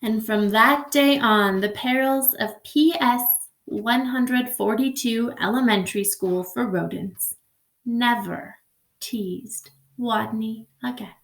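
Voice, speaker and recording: A high-voiced woman teacher reads a picture book aloud to her class at an unhurried pace, her voice bouncing around a roomy space. She reads expressively and stops to ask the children questions. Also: gravelly.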